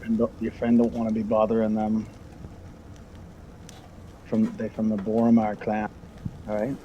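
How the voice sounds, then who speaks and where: A man's voice: lowish voice, monotone, normal speed, lo-fi sound, a little hiss or hum, close to an everyday voice. A man voicing a crude, threatening male halfling thug from a crime clan, in a tabletop game. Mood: menacing.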